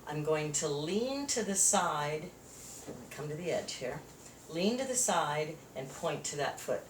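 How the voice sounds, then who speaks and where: Leading a chair yoga class, a woman with a low, animated voice keeps a measured pace, counting moves and giving upbeat cues though she's slightly breathless. The sound is roomy and echoey, recorded from a distance with a little noise.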